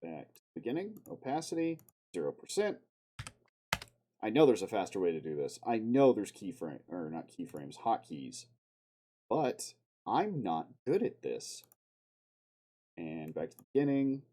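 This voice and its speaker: Husky-voiced man muttering while editing. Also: on the low side, sing-song, unhurried, long pauses, dark tone. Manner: profane, muttering to himself, sudden outbursts. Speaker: live streamer. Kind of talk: casual self-talk while video editing on stream.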